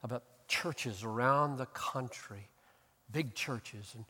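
A middle-aged man preaching a sermon as pastor, building from calm explanation to loud, emphatic peaks. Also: mid-range voice, slow, husky, long reverb tail. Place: church.

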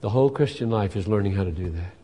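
A male pastor preaching a sermon with emphasis, building up to loud fervent peaks. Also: fairly low pitch, quick pace. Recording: long hall reverb.

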